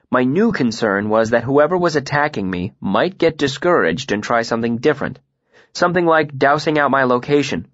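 A man narrates a first-person fantasy tale at a measured, steady pace, his voice in the middle register. The recording is dry and close, with a slightly dull, muffled top end. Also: medium pitch, no room sound. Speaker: audiobook narrator.

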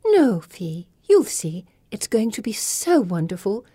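A woman's voice: mid-range voice, sing-song, a little slow, mellow, breathy edge, no room sound, studio quality. A woman voicing a cruel, coquettish teenage girl who speaks coolly and sometimes sinks into a menacing whisper. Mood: taunting. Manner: cool, sly, drops to menacing whispers. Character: coy, cruel teenage girl queen, taunting.

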